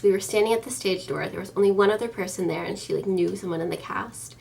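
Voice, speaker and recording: An American vlogger in her early twenties talks straight to her camera at home, recorded from a distance. Her middle-pitched voice has a gravelly vocal fry. Chatty and enthusiastic, she rambles happily with lots of ums and likes.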